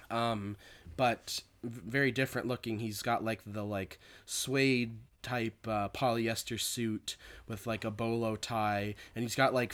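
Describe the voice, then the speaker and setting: A man's voice: mid-range voice, clear, resonant tone. Casual male podcaster, rambling plot recap, filler-heavy delivery. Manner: rambling, many fillers and restarts.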